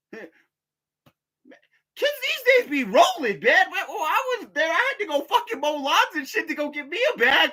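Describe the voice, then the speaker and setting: Laughing, rambling man with lively pitch. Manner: laughing, profane, meandering with many fillers. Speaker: vlogger. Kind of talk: casual rambling storytelling.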